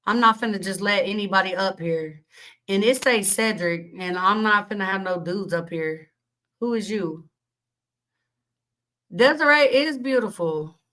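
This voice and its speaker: A woman's voice: mid-range voice, measured pace, pushed and bright, poor audio. A young adult woman hosting a livestream, ranting bluntly to her chat with constant cursing and indignant questions. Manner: blunt, cussing, indignant, reads chat aloud. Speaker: livestream host. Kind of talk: heated profane rant to stream chat.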